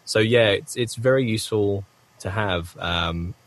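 A man with a somewhat low voice answers interview questions at length. He wanders and corrects himself as he goes, and breaks up his talk with the odd cough. He speaks from a home recording booth. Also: unhurried. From United Kingdom. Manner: rambling, self-correcting, frequent coughs. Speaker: voice actor guest.

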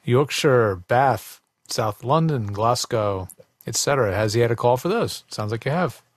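A male co-host with a middle-pitched voice banters with the guest in a teasing, joking way. His recording is dry, with no room sound. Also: lively intonation, normal speed, dry recording. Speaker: podcast co-host. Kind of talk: casual interview banter.

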